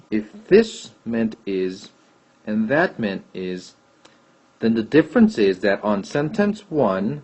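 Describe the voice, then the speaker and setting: Slow-talking husky man teaching Spanish. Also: lowish voice, a little mellow. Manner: patient, repeats and checks answers aloud. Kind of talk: classroom lesson explaining grammar. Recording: dull lo-fi recording.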